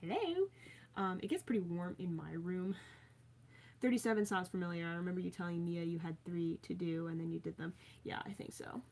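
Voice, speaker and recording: A woman's voice: fairly low pitch, brisk, darkish tone. A young woman chatting casually on a livestream from her bedroom, reading out viewer comments and rambling with frequent filler words.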